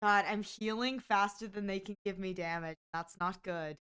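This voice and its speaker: A woman live-streaming, chatting casually to her viewers with excitable exclamations and frequent giggles. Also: medium pitch, normal speed, clear, resonant tone.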